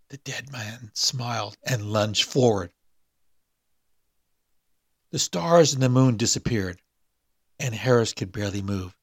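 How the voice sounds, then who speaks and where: A man's voice: lowish voice, a little slow, breathy edge, dry recording, clean studio sound. A man hosting a podcast, chatting hesitantly with many fillers and reading a spooky short story aloud. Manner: hesitant, full of fillers and restarts in chat.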